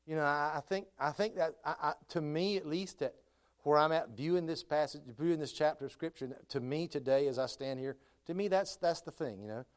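A man preaching a sermon, moving between calm scripture reading and loud, high, impassioned stretches. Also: fairly quick, clear, resonant tone.

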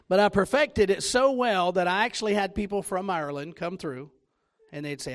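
A man's voice: high-pitched, a little fast, few pauses. A man with a Southern US accent preaching a sermon, telling stories with self-deprecating humor. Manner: joking, self-deprecating storytelling.

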